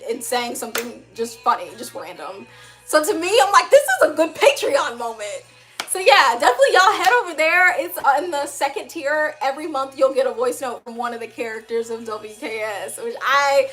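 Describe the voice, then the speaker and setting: A young woman chats on her livestream, reading comments aloud and answering them with bouncy, slangy enthusiasm and frequent laughter. Her voice sits high and bright, and faint music plays underneath. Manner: animated and upbeat, laughs often, uses slang. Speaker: livestream host, animator.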